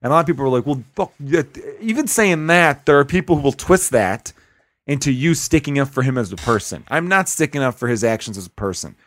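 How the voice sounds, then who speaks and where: A man's voice: mid-range voice, animated, brisk, fairly bright tone, no room sound. A man in his thirties from Chicago, a comedian hosting a podcast, telling stories in a profane, ranting way. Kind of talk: casual podcast chat.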